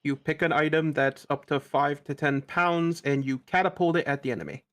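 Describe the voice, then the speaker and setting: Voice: mid-range voice, moderate pace. A player in a tabletop game, explaining character sheets in a helpful, apologetic way. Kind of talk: casual tabletop game play.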